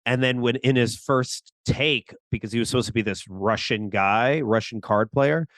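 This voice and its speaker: Guy cohosting a podcast, chatty, mid pitch, voices the characters' lines, dry close sound. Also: normal speed, dry recording. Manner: animated, acts out quotes from the show. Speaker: podcast co-host. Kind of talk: casual chat.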